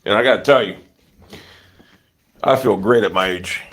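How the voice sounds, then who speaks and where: A man's voice: lowish voice, moderate pace, noisy background. A middle-aged man livestreaming casually from his yard on a phone, telling stories bluntly with heavy cursing. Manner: profane, blunt ranting; animated storytelling. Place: outdoors in a yard.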